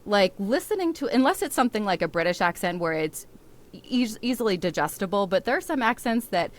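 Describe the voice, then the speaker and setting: A woman's voice: medium pitch, big pitch swings, brisk. A young woman from the American South with a neutral American accent, chatting and laughing often as a podcast guest who narrates audiobooks. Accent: General American. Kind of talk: casual chat.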